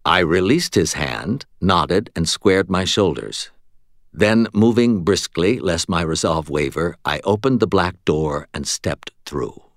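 A male audiobook narrator reading in the first person with a low voice and lively, wide-ranging intonation. His delivery is expressive and wry. The recording is dry and close, with no room sound. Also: takes it slowly, no echo.

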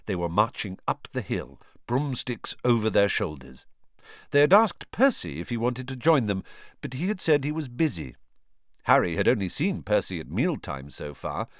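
A man narrating a storybook in an expressive, lively way. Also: on the low side, no room sound, studio quality. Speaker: audiobook narrator.

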